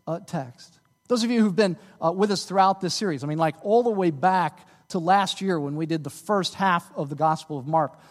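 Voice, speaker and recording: Male pastor, high lively voice, preaching in a reverberant sanctuary. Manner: animated, rises to emphatic peaks. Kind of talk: sermon.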